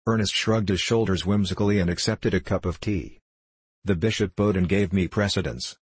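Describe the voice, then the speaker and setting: A man reading a novel aloud as narrator in a measured storytelling manner. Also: deep voice, husky, no room sound. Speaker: audiobook reader. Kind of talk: scripted narration.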